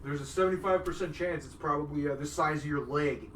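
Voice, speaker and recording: A man's voice: a little high, fast talker, fairly bright tone. A man in his twenties co-hosting a podcast, cracking jokes and laughing often. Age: 20s. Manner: joking, wisecracking, laughs a lot. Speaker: podcast co-host. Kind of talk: casual chat. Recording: roomy, distant mic with faint hiss.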